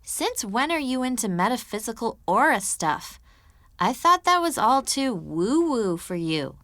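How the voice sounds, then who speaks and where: A woman's voice: a little high, very animated, unhurried, a bit bright, no echo, pitched above the performer's own voice, exaggerated voice. A woman voicing Danny, a wry skeptical young woman. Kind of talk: audiobook character voice.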